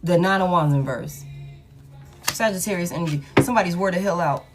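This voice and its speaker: A woman's voice: lowish voice, fairly quick, faint music behind. A woman doing a casual tarot reading. She talks bluntly, swears freely and repeats her lines. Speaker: tarot reader.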